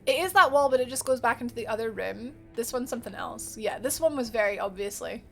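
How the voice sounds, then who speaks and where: Bubbly high-voiced woman streamer. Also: expressive, quick pace, gravelly, pushed and bright, slight background noise. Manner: chatty and bubbly, answers chat by name, laughs often. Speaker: livestreamer. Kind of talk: casual live gameplay commentary.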